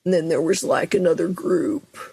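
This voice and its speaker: A middle-aged woman, a speech and dialect coach, explaining in a lively, chatty way as a podcast guest. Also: fairly low pitch, moderate pace, vocal fry, slightly rough.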